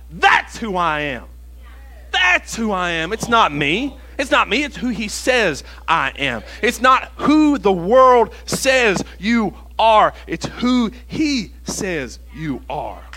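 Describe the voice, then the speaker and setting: Male pastor, church sermon, high voice, repeats key phrases. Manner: emphatic and repetitive, dropping to quiet asides. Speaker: associate pastor.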